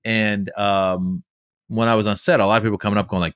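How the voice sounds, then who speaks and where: A middle-aged man, a comedian, telling lively stories in an interview and slipping into quoted voices. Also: on the low side, brisk, clear, resonant tone, no echo, studio quality. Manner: animated storyteller doing quoted voices. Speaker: comedian guest. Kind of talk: storytelling interview.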